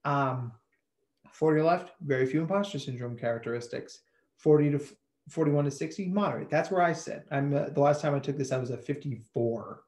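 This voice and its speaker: A man and psychologist giving a lively, chatty webinar presentation over a video call. He often repeats words as he thinks out loud. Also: a little high, a little fast.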